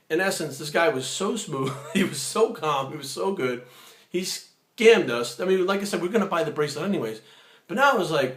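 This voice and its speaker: A man telling a story in a casual vlog, animated, acting out other people's lines. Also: a little high, normal speed. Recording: echoey room.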